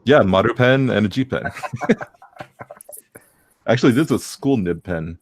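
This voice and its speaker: A man in his thirties, a guest artist, giving brief, soft-spoken answers. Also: lowish voice, animated, moderate pace, a little hiss or hum. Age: 30s. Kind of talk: casual chat.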